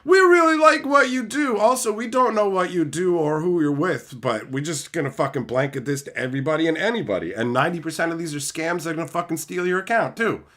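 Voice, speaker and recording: A man's voice: lively intonation, quick pace, hardly any pauses. A man putting on a mocking voice as an insincere, pushy male marketing spammer. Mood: mocking sing-song. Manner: mocking, sing-song, high and bright.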